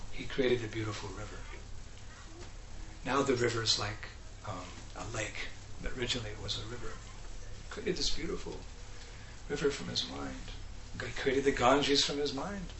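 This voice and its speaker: A man gives a devotional talk in a medium-pitched voice. He tells stories with animation, putting on voices and laughing along the way. His voice carries in an echoey room with faint ambient noise. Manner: animated, acts out characters, laughs often. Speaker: speaker.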